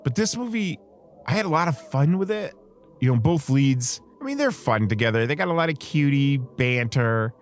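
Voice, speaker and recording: A man's voice: medium pitch, animated, moderate pace, a little hiss or hum. A man co-hosting a film podcast, chatting casually in a rambling, hesitant way and often correcting himself. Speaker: podcast co-host. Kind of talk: casual film-review chat.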